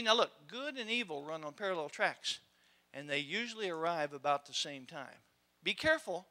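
A man's voice: very high-pitched, pushed and bright. A male preacher giving a sermon, telling scripture stories dramatically and acting out the scenes with his congregation.

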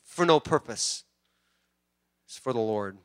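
Animated preacher man, bright, forceful voice. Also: mid-range voice, slow, clear, resonant tone, dry recording, clean studio sound. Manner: animated preaching, swinging from loud emphasis to quiet asides; repeats words and restarts often. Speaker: pastor. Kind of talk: sermon.

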